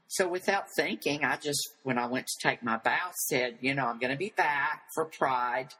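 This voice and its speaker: A man's voice: medium pitch, normal speed, pushed and bright, husky, rough recording. Flamboyant older man telling wild stories. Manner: flamboyant storyteller who acts out quoted voices. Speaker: interview guest. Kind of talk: animated anecdote telling.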